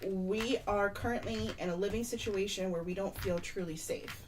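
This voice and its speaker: A woman player in a tabletop game, playful and quick to laugh, talking in character. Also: medium pitch, recorded from a distance. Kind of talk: casual tabletop game play.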